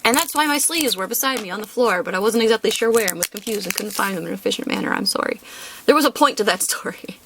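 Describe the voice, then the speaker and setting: A young woman chatting casually in her apartment while opening card packs, rambling and jumping up in pitch when she names each card. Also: lively intonation, quick pace, noisy background. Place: her apartment room, sitting on the floor.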